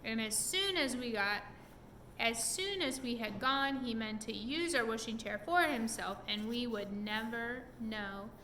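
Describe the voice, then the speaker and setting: A fiery little pixie who is quick to anger, put on by a woman reading aloud. He speaks loudly and indignantly in a high, bright voice. It is a storybook reading. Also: reverberant, a little hiss or hum. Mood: excited. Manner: loud and indignant. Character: hot-tempered little male pixie.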